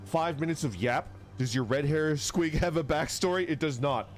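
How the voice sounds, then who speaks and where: A man's voice: on the high side, normal speed, faint music behind. A man streaming live, chatting casually with viewers and reading their messages aloud, swearing freely. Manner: lively, swearing, reads chat aloud.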